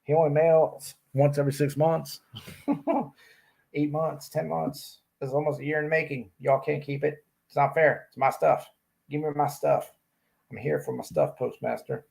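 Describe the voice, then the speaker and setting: A man's voice: fairly high pitch, level tone, moderate pace, vocal fry, a little mellow, pitched above the performer's own voice. A man doing a rowdy pushy guy hollering for his package. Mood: demanding.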